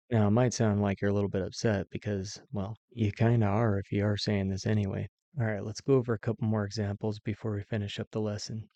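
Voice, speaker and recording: Low gravelly-voiced man teaching a lesson. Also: flat delivery, fast, few pauses, mellow, no echo, dull audio. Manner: patient, repeats each example sentence twice. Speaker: Mandarin teacher. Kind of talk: language lesson.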